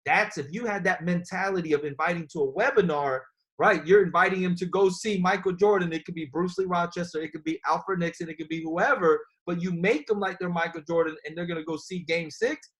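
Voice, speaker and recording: A man hosting a sales training call, energetic and coach-like, talking straight to his team. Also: high voice, fairly quick. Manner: energetic, coach-like, talks to listeners as guys.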